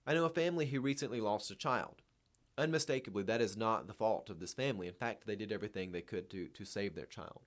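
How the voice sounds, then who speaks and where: A man's voice: on the low side, fast talker. A man reading a novel aloud and then lecturing on it in an earnest, emphatic way. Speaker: reader and commentator.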